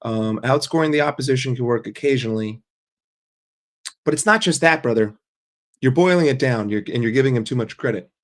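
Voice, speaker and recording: A football fan hosts a casual stream, answering his chat in a sarcastic, foul-mouthed rant. His voice sits at an ordinary middle pitch for a man, and he talks with blunt conviction. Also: a little fast. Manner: profane, sarcastic, argumentative.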